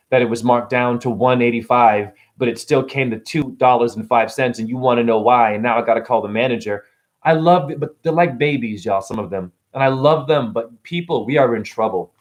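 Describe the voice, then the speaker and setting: A middle-aged man vlogging in a casual, ranting monologue, jumping between loud outbursts and quiet asides. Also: mid-range voice. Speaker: vlogger and spiritual teacher.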